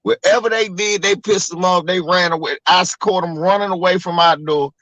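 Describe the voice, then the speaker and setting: A man from Maryland telling stories with lots of cursing and energy in a casual livestream chat. His voice sits a bit high for a man. The sound is close and dry. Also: fairly quick, dry recording, lo-fi sound. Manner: animated, profane storytelling. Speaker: co-host.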